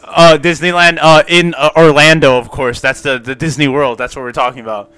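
A young man chats casually with friends on a podcast, rambling and swearing, filling every pause with "uh" and "like." His voice sits a little high and sounds bright. Faint music plays behind him. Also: fairly even intonation, clean tone. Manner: rambling, laughs a lot, swears. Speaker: podcast co-host. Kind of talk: casual chat.

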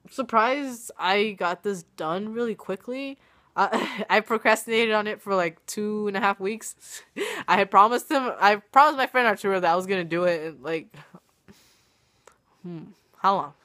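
In a casual vlog shot on a webcam or phone camera, a young adult woman chats away and pokes fun at herself. Her medium-pitched, slightly bright voice sounds worn from being sick and keeps fading in and out.

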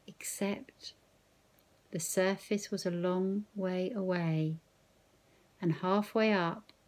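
A woman teacher reading a novel aloud in first person, slow, measured and expressive. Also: lowish voice.

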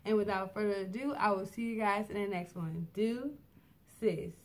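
A woman's voice: medium pitch, normal speed. A young woman vlogger giving a casual, encouraging outro to her viewers. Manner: encouraging, upbeat, casual slang. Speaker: vlogger interviewing people. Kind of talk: casual vlog chat and outro.

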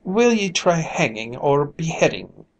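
Reader as a stern storybook king; measured, slow delivery. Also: mid-range voice, big pitch swings, poor audio. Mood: grave. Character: stern king passing judgment.

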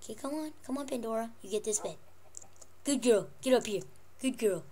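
A woman playing Minecraft and chatting casually, coaxing and fussing over her pet wolves in an excitable voice. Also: a little high, a little fast, slight background noise. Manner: excitable, jumps between squeals and mutters. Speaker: Minecraft let's player. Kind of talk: casual gameplay commentary.

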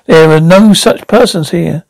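A man voicing a courtly, old-fashioned male traveller who speaks in formal archaic phrases, sometimes halting. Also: a little high, gravelly, a little mellow, no echo, low-quality recording.

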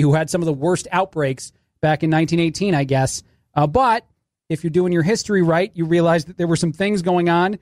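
Filling in as a radio talk show host, a man rambles sarcastically through a casual monologue, often restarting his sentences. His voice sits high and is a little mellow, recorded at studio quality with no room sound.

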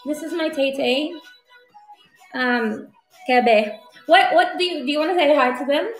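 A high-pitched woman with a Filipino accent, bubbly and chatty as she runs a livestream. She mixes English and Tagalog and keeps shouting out thanks to viewers. Her voice rings in a roomy space with faint music underneath. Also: a little slow. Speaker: livestream host. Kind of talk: casual livestream chat.

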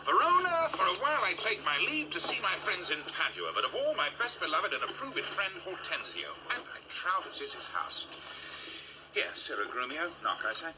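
A man's voice: high voice, sing-song, very noisy. An actor playing a hot-tempered nobleman who bullies his servant, in commanding Shakespearean stage style. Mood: grand. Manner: commanding, quick to shout.

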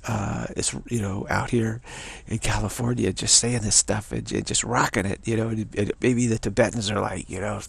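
A man's voice: lowish voice, steady tone, normal speed, vocal fry, slightly rough, dry recording. A man giving a casual spiritual talk, rambling, chuckling and repeating phrases. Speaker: spiritual teacher.

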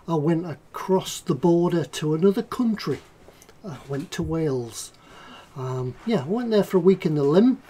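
A man's voice: a little high, dark tone. A man hosting a casual livestream about model making, chatting in a rambling, jokey way. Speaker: livestream host, model maker.

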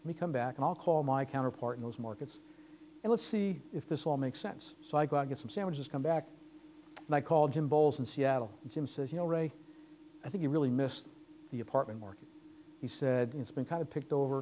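A man's voice: medium pitch, fast talker, mellow, slight background noise. A man giving a lecture as guest speaker, telling business anecdotes and acting out the dialogue. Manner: storytelling, acting out quoted dialogue. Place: lecture hall.

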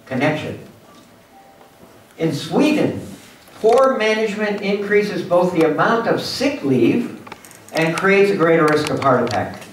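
A man giving a lively motivational lecture at a symposium, acting out little scenes for his audience. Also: a little high, slight background noise. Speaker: guest speaker at a symposium. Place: university lecture hall. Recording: echoey hall from far off.

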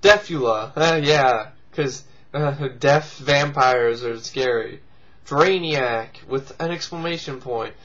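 Speaking slowly in a mid-range, slightly bright voice, this man hosts a video blog. He riffs with profane sarcasm and squeals in fake voices to mock things, and the audio sounds dull.

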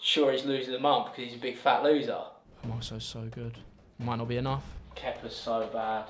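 A young man, giving loud, cocky, laughing commentary on his own gameplay as a pro gamer. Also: medium pitch, flat delivery, brisk, a little hiss or hum. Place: gaming room in a shared house. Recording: echoey room, faint music behind.

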